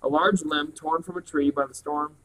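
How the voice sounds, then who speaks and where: A man reading a novel aloud at a plain, steady pace. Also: on the high side, moderate pace, slight background noise, low-quality recording. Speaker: reader.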